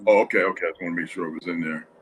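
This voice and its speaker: A man's voice: low-pitched, fairly even intonation, racing, slight background noise, rough recording. Tired man rambling on a home livestream. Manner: rambling, tired, many restarts and asides. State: sleepy, yawning. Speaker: livestream host. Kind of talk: casual livestream chat.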